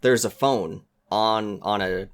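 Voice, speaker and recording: Podcast guest, man, lowish voice, eager and earnest. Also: takes it slowly, smooth. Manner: earnest, enthusiastic, acts out quoted lines. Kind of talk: casual chat.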